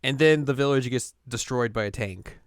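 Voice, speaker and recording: A young man co-hosting a podcast, recapping an episode in a jokey, deadpan casual chat. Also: medium pitch, moderate pace, clear, resonant tone, no room sound, studio quality. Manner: jokey, deadpan, acts out lines. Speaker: podcast co-host.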